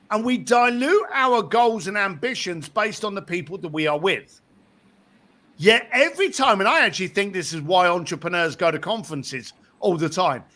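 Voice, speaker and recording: A man being interviewed about his book, telling anecdotes in an animated way and acting out the voices of the people in them. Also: sits high. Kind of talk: animated storytelling in conversation.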